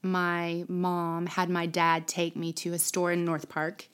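A woman's voice: lowish voice, monotone, slow pace, smooth. A woman, a guest on a casual podcast, sharing family memories and advice, laughing and getting teary. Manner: emotional, tearful at times, laughs often. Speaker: podcast guest, TV news personality. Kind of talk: casual interview chat.

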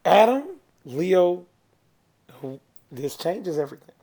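A man co-hosting a podcast in casual chat, animated and jumping between ideas. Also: sits high, takes it slowly, vocal fry. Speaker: podcast co-host.

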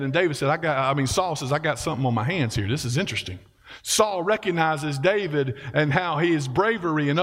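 A man's voice: high voice, a bit bright. A man preaching in a casual, folksy way, acting out the voices of the story's characters. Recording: long hall reverb.

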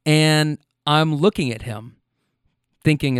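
A man working as a rideshare driver, telling stories in an animated way, swearing freely and using plenty of fillers. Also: fairly high pitch, normal speed, clean tone, no room sound, studio quality. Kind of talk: casual storytelling.

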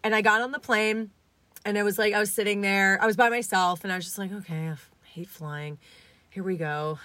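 A young woman telling a story in a casual interview, lively and acting out the voices of people she quotes. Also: medium pitch, a little fast, no echo. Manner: animated, acts out quoted voices. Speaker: guest, essay writer.

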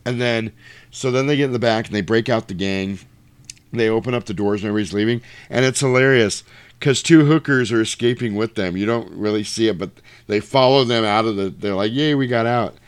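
A man casually retelling a comedy film for a podcast, acting out the lines in high put-on voices and laughing often. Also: fairly quick, clean tone, no room sound. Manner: animated storyteller, acts out quotes in high voices, laughs often. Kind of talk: casual movie recap chat.

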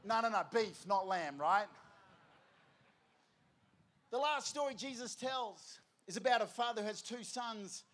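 A man preaching an energetic sermon, telling lively stories and prompting the crowd. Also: sits high, measured pace, pauses often. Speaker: youth preacher.

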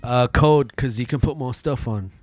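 A man's voice: medium pitch, normal speed, dry recording. A middle-aged man from South Africa chatting casually as a podcast guest, laid-back, cursing freely and laughing often. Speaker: guest, studio owner and producer.

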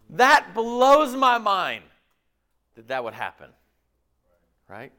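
Male pastor, sermon, high and very expressive voice, rhetorical check-ins. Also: moderate pace, gravelly, pauses often. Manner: animated, rhetorical, checks in with "right?".

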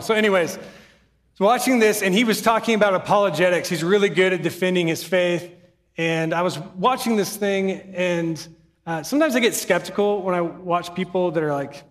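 A man's voice: fairly high pitch, fairly bright tone, in a large hall. A man giving a sermon as pastor, earnest and conversational, with humorous asides, in a church sanctuary.

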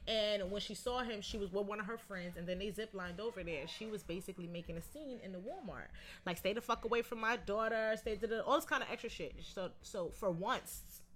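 A woman co-hosts a casual conversation. She tells a story with animation. Her talk is slangy and full of profanity, and her pitch sits in the middle range. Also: brisk. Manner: animated storyteller, quotes others in lowered voice. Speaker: podcast co-host. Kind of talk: casual chat.

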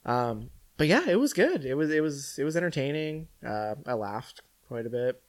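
A man's voice: mid-range voice, moderate pace. A man from California co-hosting a casual movie chat, rambling with many restarts and fillers. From San Fernando Valley, California. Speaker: podcast co-host.

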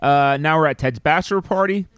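A man's voice: a little high, a little fast, a bit bright, no room sound. A man co-hosting a podcast, recapping a movie plot in long stretches with dry asides. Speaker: podcast co-host recapping a film. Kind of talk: casual chat.

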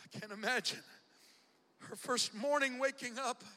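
A man preaching a sermon dramatically, shouting in a rhythmic whooping cadence with "uh" breaths. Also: very high voice, fairly even intonation, normal speed, in a large hall. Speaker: bishop preaching.

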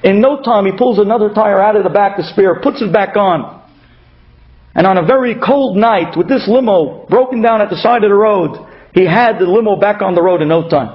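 A man's voice: sits high, normal speed. A man giving a storytelling sermon, acting out the dialogue of the people in his stories. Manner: animated, acts out dialogue in stories. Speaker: speaker giving a Torah talk. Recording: dull lo-fi radio recording.

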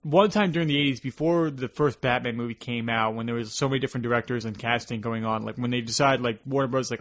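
A young New York man chatting through a film on a podcast. His pitch sits in the middle range for a man. He rambles in a loose, easygoing way. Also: quick pace, hardly any pauses. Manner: rambling, acts out characters in animated bursts. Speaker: podcast co-host. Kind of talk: casual film discussion.

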